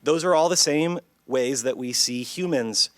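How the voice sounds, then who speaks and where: A man who is a psychology professor, presenting his research at a conference in a clear, measured lecturing manner that engages the audience. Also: medium pitch, dry recording. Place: lecture hall.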